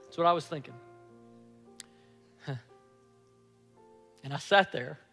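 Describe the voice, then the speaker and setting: Bright-voiced man preaching in an echoey hall. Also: fairly high pitch, slow pace, creaky. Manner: animated, acts out his own past excitement. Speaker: pastor. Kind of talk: sermon storytelling. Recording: echoey hall with faint music.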